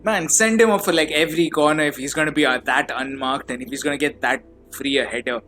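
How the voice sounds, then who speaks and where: A man hosting a casual fan podcast, gushing and stammering, his voice trembling with excitement. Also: fairly high pitch, fast talker, faint music behind. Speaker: podcast host.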